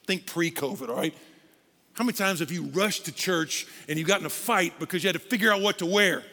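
Gravelly, bright-voiced pastor preaching. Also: male voice, high-pitched, brisk, long reverb tail. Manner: animated, shouts and acts out voices. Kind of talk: sermon.

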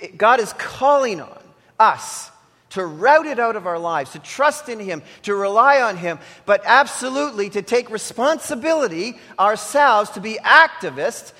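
A male pastor with a notably high voice delivers an earnest, emphatic sermon, leaning hard on the words he wants to stick. His voice rings out with a long reverb from a church sanctuary. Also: bright, forceful tone. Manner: earnest, emphatic preaching with repeated exhortations.

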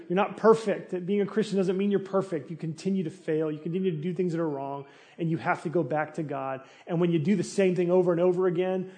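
Casting: middle-aged male pastor, conversational sermon delivery, slightly high voice, earnest. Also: dark tone. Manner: earnest, conversational preaching with rising intensity.

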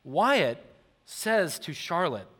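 A man in his thirties preaching a sermon as pastor, telling stories to a congregation in a lively, animated way. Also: fairly high pitch, very slow. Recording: long reverb of a large hall.

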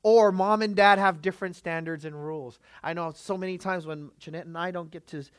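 Male preacher of Filipino background, emphatic sermon delivery, slightly high voice, dry close sound. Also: fairly even intonation, brisk, clear, resonant tone, dry recording. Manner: emphatic, rhetorical questions to the congregation. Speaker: pastor.

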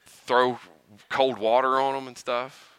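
A man preaching a sermon, animated and often chuckling, building to rhetorical questions. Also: medium pitch, slow, smooth.

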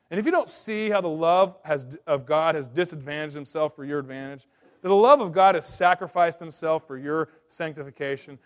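A man in his thirties delivers a sermon with a voice that sits a little high. He presses urgently on his main points and then falls to a soft, confiding tone. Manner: impassioned preaching with swings between loud emphasis and quiet asides. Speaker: pastor.

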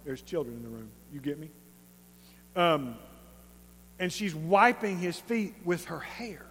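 A high-voiced preacher with an East Texas accent delivers his sermon. He is conversational and emphatic, telling the story in an animated way. His voice carries with a long reverb through a big hall. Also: a little slow, breathy edge. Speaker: pastor.

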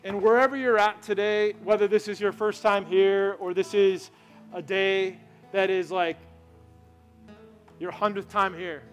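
A man giving a conversational sermon as pastor, telling stories and asking his congregation questions. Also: sits high. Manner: conversational, storytelling, asks the crowd questions. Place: church sanctuary.

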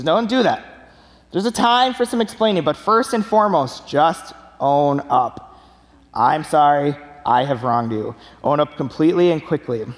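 High animated young male preacher. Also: big-room sound. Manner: animated storytelling with laughs. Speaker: pastor. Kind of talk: sermon.

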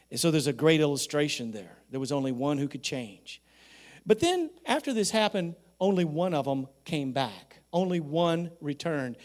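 A man preaching a sermon, swinging from loud, emphatic shouting to soft, quiet points. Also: a little high. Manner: builds to shouting emphasis, then drops to quiet. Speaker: pastor.

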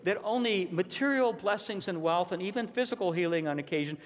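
Male pastor, emphatic sermon delivery, slightly high voice, recorded in a reverberant hall. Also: lively intonation, a little fast. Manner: earnest, emphatic, repeats key points. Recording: long reverb of a large hall.

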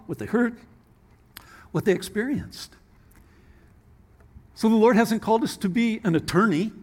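A man preaching a sermon as pastor, earnest, with sudden drops into soft, hushed asides. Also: high voice, slightly rough.

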